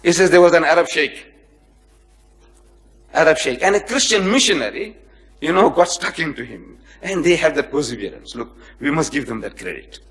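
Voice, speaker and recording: A man's voice: a little high, normal speed. A man giving a public lecture to a live audience, telling anecdotes and acting out the people in them, joking with and chiding his listeners. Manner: animated storyteller who acts out the people in his anecdotes. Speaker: lecturer on comparative religion.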